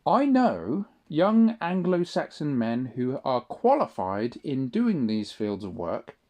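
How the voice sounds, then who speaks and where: A man's voice: mid-range voice, sing-song, takes it slowly, darkish tone. A young man delivering an indignant, sweary solo audio-log monologue, tagging his points with questions. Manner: indignant ranting, frequent tag questions and swearing. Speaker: vlogger.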